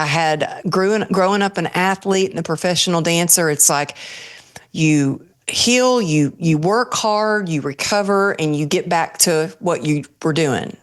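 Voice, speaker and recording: A woman's voice: on the low side, a little slow. A woman guest on an interview show, earnestly telling a personal story and acting out her own thoughts as she goes.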